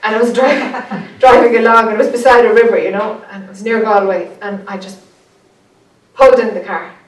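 A woman with an Irish accent, teaching a group, speaking earnestly and growing animated as she tells a story. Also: medium pitch, fairly quick. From Ireland. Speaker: spiritual teacher. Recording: echoey room, voice from a distance.

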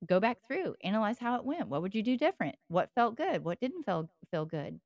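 A woman's voice: medium pitch, sing-song, brisk, a little mellow, no room sound. A woman podcast co-host and life coach, talking in a reflective, coaching way and laughing easily. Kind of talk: casual podcast chat.

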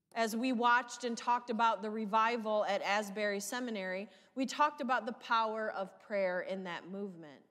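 A woman pastor preaching a sermon in a measured, emphatic way, her questions sometimes rising with passion. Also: mid-range voice, fairly bright tone, big-room sound.

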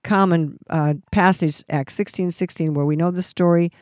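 A woman's voice: fairly low pitch, fairly even intonation, moderate pace, a little mellow, dry recording, clean studio sound. Fervent woman teaching scripture. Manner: fervent, repetitive restarts, exhorting. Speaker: ministry leader and Bible teacher. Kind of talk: Christian teaching talk.

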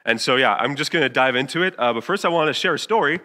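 A young man in his twenties preaches a relaxed church sermon, chatty and candid. His voice is bright and sits at a mid pitch. He fills gaps with fillers and acts out his own past lines with sudden jumps in pitch. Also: fast. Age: 20s. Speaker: youth pastor. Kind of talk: casual sermon with stories.

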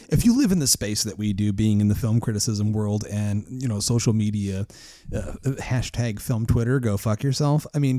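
A man's voice: fairly low pitch, mellow, no echo, clean studio sound. A man hosting a casual film podcast, blunt and swearing freely. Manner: swears freely, blunt, says "I mean" a lot. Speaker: podcast host, film critic. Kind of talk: casual chat about films.

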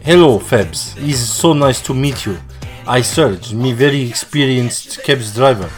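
A loud, pushy cab driver with a thick put-on Russian accent, as a man hams it up. He talks in broken English, boasting and lecturing like a comedy radio ad. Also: medium pitch, lively intonation, unhurried, faint music behind, close to an everyday voice. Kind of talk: comedy ad skit.

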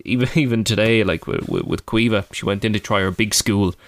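A man's voice: lowish voice, fairly quick, dry recording. A man in his thirties with an Irish accent, co-hosting a podcast in a rambling, chatty way full of fillers. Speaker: podcast co-host. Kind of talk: casual podcast chat.

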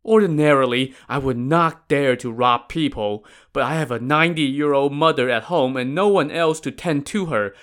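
A man voicing a cowardly male highway robber and imposter who talks in a trembling, pleading way. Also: moderate pace, few pauses, a bit bright, natural voice. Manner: pleading, trembling, high-pitched.

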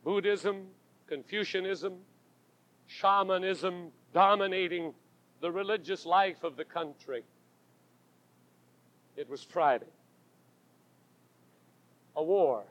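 A man's voice: high voice, takes it slowly, pauses often, dry recording. A man preaching a sermon from a church pulpit, with dramatic, rhythmic delivery and emphatic refrains. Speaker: pastor. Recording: dull lo-fi 1980s tape recording.

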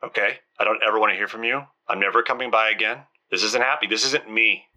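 A man voicing a hushed, exasperated woman who curses at her blackmailer in a tabletop game. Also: a little high, wildly swooping pitch, normal speed, full character voice. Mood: hushed angry.

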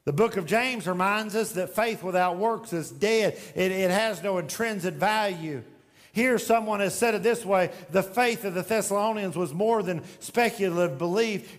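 A man preaching a sermon as pastor in a church sanctuary, swinging between loud emphatic lines and hushed ones. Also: high voice, big-room sound.

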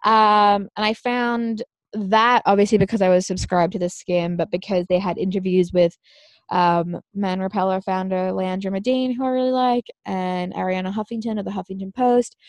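A woman's voice: medium pitch, steady tone, normal speed, no echo. A young woman co-hosting a podcast, enthusiastically recommending things with many "um"s and "like"s. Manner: enthusiastic, filler-heavy recommending. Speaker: podcast co-host. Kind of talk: casual podcast chat.

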